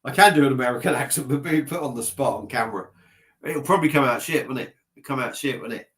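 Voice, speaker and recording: A man's voice: mid-range voice, quick pace, a bit bright. A man with a slightly stuffy nose chatting casually at his desk on a live stream, rambling and making fun of himself. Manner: rambling, self-mocking, chatty, reading out comments. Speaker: beer vlogger live-streaming. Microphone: laptop mic.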